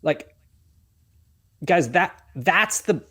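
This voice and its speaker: A man's voice: high voice, animated, extremely slow, sharp tone, breathy edge. A man, a wedding photographer, telling a heartfelt story as a podcast guest, earnestly acting out the dialogue he quotes.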